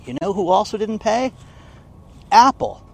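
Emphatic male vlogger with a higher voice, casual commentary, faint background noise. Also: measured pace, creaky, darkish tone. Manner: indignant, emphatic, keeps asking "okay?". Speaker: online commentator. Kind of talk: casual news commentary vlog.

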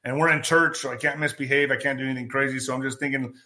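A man hosting a podcast, telling a casual story in an animated way, acting out the quotes and swearing freely. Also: mid-range voice, fast. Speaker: podcast host.

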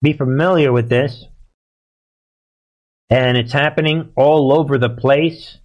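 A man's voice: mid-range voice, fairly even intonation, slow pace, darkish tone, dull audio. A man hosting live political commentary, sarcastic and heated, and he often laughs.

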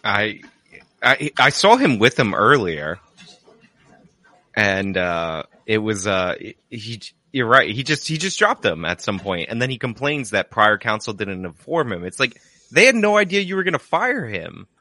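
A man's voice: fairly low pitch, sing-song, a little slow, bright, forceful tone, dry recording. A man co-hosting a livestream, rambling through casual commentary with frequent restarts. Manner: rambling, restarts, mock impressions. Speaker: livestream co-host.

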